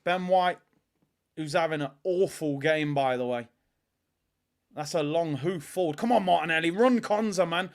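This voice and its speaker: Excitable young man commentating football. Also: a little high, moderate pace. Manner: excitable, shouting at players, London slang. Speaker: fan watchalong host. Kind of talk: live football watchalong commentary.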